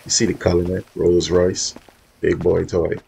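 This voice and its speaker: Slow, gravelly man in a gaming vlog. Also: low voice, monotone, mellow, a little hiss or hum, low-quality recording. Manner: laid-back, slangy, talks straight to viewers. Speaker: roleplay gamer showing off his cars. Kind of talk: casual gaming vlog commentary.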